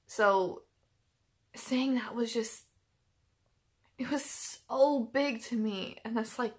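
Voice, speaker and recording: This woman's voice leans high, and she takes her time. As host of a YouTube reaction channel, she chats casually and emotionally, using many filler words and often restarting.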